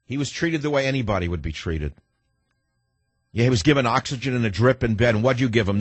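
A man's voice: mid-range voice, breathy edge, no echo. An older man in his sixties hosting a talk radio show, delivering a combative, ranting monologue that turns reflective at times. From United States.

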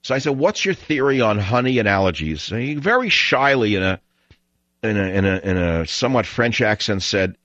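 A man's voice: medium pitch, sing-song, brisk, fairly bright tone, no room sound. A man hosting a call-in radio show, ranting in a scornful, blunt way. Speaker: radio talk show host. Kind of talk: call-in talk radio monologue. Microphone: studio broadcast microphone. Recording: dull, dry radio broadcast audio.

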